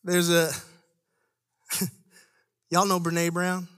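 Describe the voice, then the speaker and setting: Extremely slow and smooth, a young man on church staff delivers a conversational, spirited sermon. He lowers his voice for asides and lifts it to emphasize.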